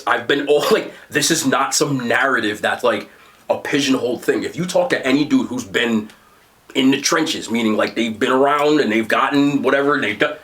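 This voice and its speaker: A young man with a New Jersey accent, telling stories in casual chat as a podcast host. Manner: animated storyteller, excited jumps in pitch.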